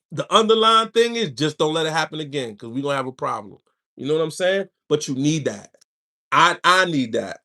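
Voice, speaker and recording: Speaking to his viewers on a livestream, a man gives laid-back spiritual advice and tells stories peppered with slang and side remarks. He has a fairly high pitch and a sharp tone.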